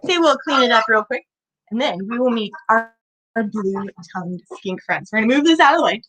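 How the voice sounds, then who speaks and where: A woman's voice: fairly high pitch, animated, fairly quick, fairly bright tone, poor audio. A young woman hosting a children's animal show, talking playfully in a sing-song way with sound effects and questions to the kids. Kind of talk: educational talk for young children.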